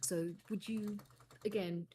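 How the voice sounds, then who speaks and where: A woman's voice: medium pitch, steady tone, slow pace, mellow, a little hiss or hum, lightly acted. A woman playing a weary, drifting former bodyguard in a tabletop game, speaking politely in a hesitant, rambling way. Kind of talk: tabletop role-play in character.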